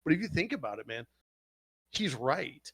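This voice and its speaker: Animated man on a casual podcast. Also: a little high, moderate pace, breathy edge. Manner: animated, swearing, retells scenes with quoted voices. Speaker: podcast host. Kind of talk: casual chat.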